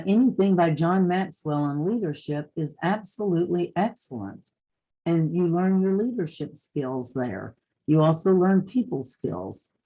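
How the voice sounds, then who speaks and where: Older woman, Eastern Kentucky accent, mellow warm tone, folksy conference talk, practical advice. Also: fairly low pitch, rough recording. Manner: folksy, down-to-earth, advice-giving. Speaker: realtor speaking at a conference.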